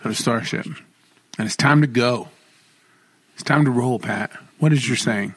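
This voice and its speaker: Husky-voiced man in joking banter. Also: medium pitch, normal speed, fairly bright tone, no room sound. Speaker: podcast co-host. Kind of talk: casual chat.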